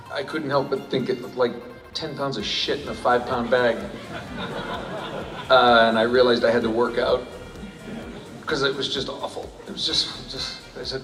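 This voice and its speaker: A man's voice: medium pitch, normal speed, over music. Man, panel guest, rambling and jokey, echoey hall, distant mic. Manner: rambling, self-interrupting, jokey. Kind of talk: convention panel Q&A answers. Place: large convention hall. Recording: echoey hall recorded from far off.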